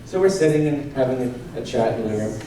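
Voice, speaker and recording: A man from Canada doing a stand-up comedy set, animated and self-deprecating, often breaking into laughs. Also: mid-range voice, fast. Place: large convention hall. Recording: echoey convention hall from far off, crowd noise.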